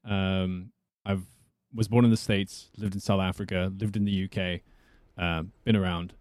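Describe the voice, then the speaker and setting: A man's voice: sits low, flat delivery, normal speed, darkish tone, no echo, studio quality. A man who is a voice actor, chatting as a guest in a casual interview, rambling and often restarting his sentences.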